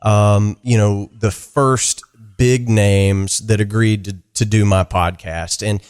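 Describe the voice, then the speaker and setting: Smooth-voiced man hosting a podcast. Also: lowish voice, steady tone, takes it slowly, darkish tone, no room sound, studio quality. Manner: friendly, chatty with fillers. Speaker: podcast host. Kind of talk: casual interview chat.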